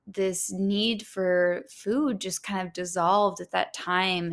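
Woman coach doing a self-help talk, gentle and earnest, talking right to you. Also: mid-range voice, gravelly. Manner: gentle, earnest, speaks straight to the listener.

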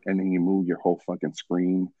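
A man's voice: low-pitched, monotone, a little fast, no echo, phone-quality sound. A man hosting a podcast in casual, laid-back chat, swearing often and calling people bro and dude. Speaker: podcast host.

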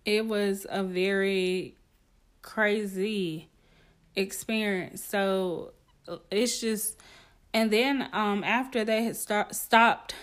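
A young woman hosting a podcast, telling a wild personal story in a casual, animated way, swearing freely and calling listeners honey. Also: medium pitch, extremely slow. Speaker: podcast host.

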